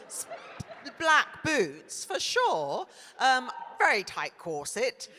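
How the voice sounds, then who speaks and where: A woman on a convention panel stage answering fan questions in a playful, laughing, quick-witted way. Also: a little high, wildly swooping pitch, sharp tone, a little hiss or hum. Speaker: actor guest on a convention panel. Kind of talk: lively panel Q&A. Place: large convention hall stage. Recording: echoey convention hall with audience.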